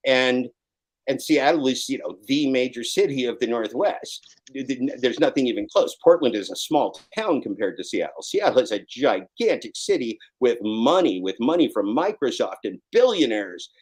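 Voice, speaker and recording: A man in his fifties, a guest in a live online interview, talking intensely and swearing, at times rising to a shout. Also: medium pitch, very animated, normal speed, low-quality recording. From Oregon. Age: 50s.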